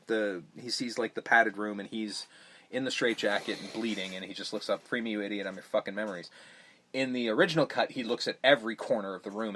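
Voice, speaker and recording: A man hosting a podcast, chatting casually about a film in a rambling, profane way that gets animated when he mocks scenes. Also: fairly low pitch. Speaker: podcast host. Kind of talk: casual movie review chat.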